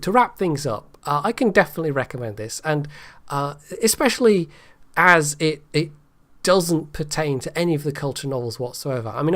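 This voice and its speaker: A man giving a casual, rambling book review, hesitant and full of restarts. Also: medium pitch.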